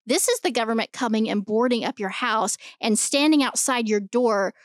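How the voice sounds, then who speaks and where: An animated woman co-hosting a podcast, arguing her point in casual chat and swearing freely. Her voice sits fairly high. The sound is dry and close, with no room in it. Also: normal speed, hardly any pauses, dry recording. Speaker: podcast co-host.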